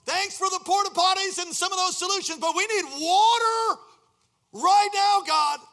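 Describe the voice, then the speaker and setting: A man voicing a desperate leader crying out to God in loud, pleading, high shouts. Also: normal speed.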